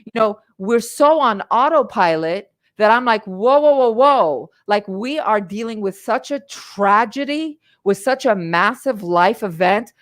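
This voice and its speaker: A woman's voice: medium pitch, lively intonation, unhurried, few pauses, a bit bright. A middle-aged woman on a live stream, giving a passionate motivational talk as a coach, emphatic and full of repeats. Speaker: life coach and livestream host.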